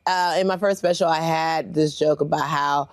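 A woman from Nigeria, a comedian chatting in an interview, animated and quick to laugh. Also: low voice, no room sound. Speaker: comedian guest. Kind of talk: casual interview chat.

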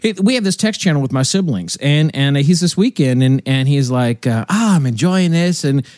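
A man's voice: mid-range voice, expressive, fairly quick, a little mellow, dry recording, studio quality. A middle-aged man in casual chat, telling stories with lots of restarts and repeated words. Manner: rambling storyteller with many restarts.

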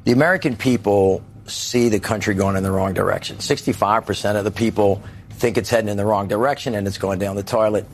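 A man's voice: on the low side, fairly even intonation, a little fast. A man speaking as a political guest on a panel show, folksy and emphatic, acting out the voices of ordinary people.

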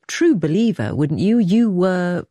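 Deep, mellow woman interviewer. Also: lively intonation, measured pace, dry recording. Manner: pointed, presses for an admission. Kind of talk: probing interview questions.

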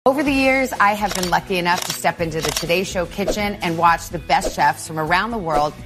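A woman's voice: lowish voice, a little fast, over music. Eager woman TV host in a kitchen. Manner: enthusiastic, playful, eager learner. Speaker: TV host learning to cook. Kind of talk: casual cooking-segment chat. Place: kitchen set.

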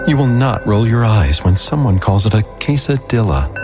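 A man's voice: fairly low pitch, sing-song, normal speed. A man reading a scripted radio commercial with a wry delivery. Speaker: ad announcer. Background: music.

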